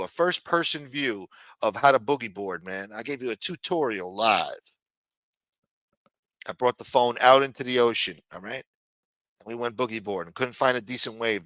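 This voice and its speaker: A man's voice: mid-range voice, bright, forceful tone, no echo. A man, hosting a livestream and rambling casually, swearing often and tagging "man" onto his sentences. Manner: rambling, profane, says "man" a lot. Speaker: livestream host.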